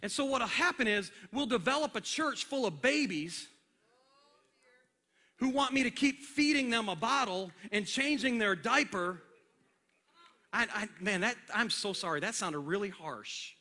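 A man preaching a sermon on a church stage into a microphone, animated and acting out scenes with a helper. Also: high-pitched, a little slow. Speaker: pastor. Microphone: handheld or stage microphone.

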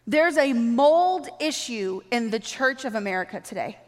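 A woman preaching a sermon, animated and acting out quoted dialogue as she speaks. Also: a little high, normal speed. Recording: long reverb of a large hall.

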